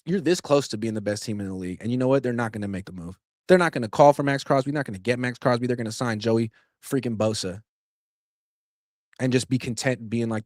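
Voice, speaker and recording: A man hosting a sports podcast, giving opinionated solo commentary in an animated, sarcastic way that jumps louder for emphasis. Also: fairly low pitch, no room sound, clean studio sound.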